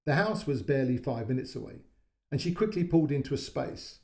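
A man narrating a short story in a calm, measured way, giving voice to the quoted lines. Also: medium pitch. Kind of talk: audiobook-style story narration.

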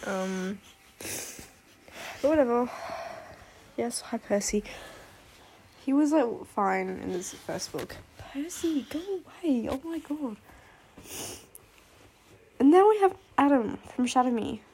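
Gushing, rambling woman with a high-ish voice. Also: expressive, slow pace, long pauses, a little mellow, a little hiss or hum. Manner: rambling, gushing, swears freely, breaks into laughs and sighs. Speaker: booktuber reviewing fictional love interests. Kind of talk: casual chat.

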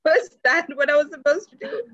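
A woman's voice: sits high, brisk, a bit bright. Woman guest, rambling and laugh-prone, home audio with a dull muffled sound. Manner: rambling, laughs often, many fillers. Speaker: podcast guest. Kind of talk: candid conversational interview.

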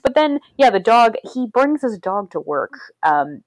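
A woman's voice: on the high side, very animated, unhurried, dry recording. A woman casually talking through a movie's scenes, laughing often and acting out the lines. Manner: chatty, laughs often, retells scenes with quoted voices. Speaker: podcast co-host.

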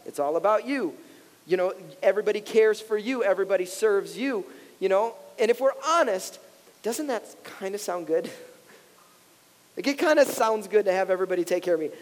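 A man in his thirties, a pastor, preaching a sermon in a relaxed, conversational way, often laughing and acting out the voices of the people he quotes. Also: high voice, fairly quick. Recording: long hall reverb.

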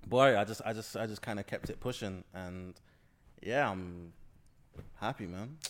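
A man's voice: fairly low pitch, measured pace. A young man from South London with a London accent, chatting casually as an interview guest, rambling and slangy with lots of restarts. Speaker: guest filmmaker.

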